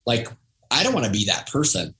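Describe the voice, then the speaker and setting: A man's voice: mid-range voice, huge pitch swings, a little fast, bright, forceful tone, low-quality recording. A man in his thirties, a podcast guest, telling a personal story in a reflective, casual way. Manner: reflective, storytelling, acts out quoted voices. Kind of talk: casual conversation.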